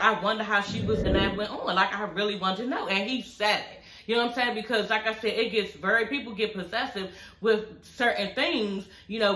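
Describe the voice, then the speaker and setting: A woman's voice: medium pitch, sharp tone. Blunt, profane woman vlogger in echoey room. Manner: blunt, profane, repeats "you know what I'm saying". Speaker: reality TV recap vlogger. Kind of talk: casual opinionated recap.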